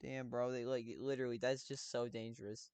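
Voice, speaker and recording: Excitable, swearing man reacting on a stream. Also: medium pitch, a little fast, clear, resonant tone, dry recording. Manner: loud, profane, excitable commentary. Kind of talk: casual live-stream reaction.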